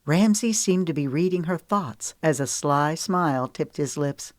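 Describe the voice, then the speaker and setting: Here a woman with a markedly deep voice reads an audiobook in a steady, measured way. Her recording is close-miked and dry, and there's no room sound at all.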